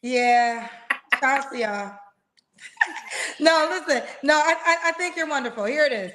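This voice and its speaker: Chatty and playful, a woman runs a casual live dating stream for singles over a video call, dropping slang such as "girl" and "child." She speaks at normal speed in a high, fairly bright voice.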